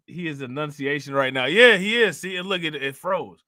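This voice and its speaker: A man hosting a casual live-stream reaction show, reading out chat shout-outs with frequent laughter and slangy asides. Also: fairly high pitch, moderate pace, dry recording, studio quality. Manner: laid-back, laughs often, reads chat shout-outs. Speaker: livestream reaction host.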